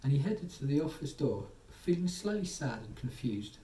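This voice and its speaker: A man reads a soothing bedtime story in a soft, mellow voice. He sits back from the mic in an echoey room with a faint hum of ambience. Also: mid-range voice, big pitch swings, normal speed, far from the mic. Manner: soothing, gently voicing characters.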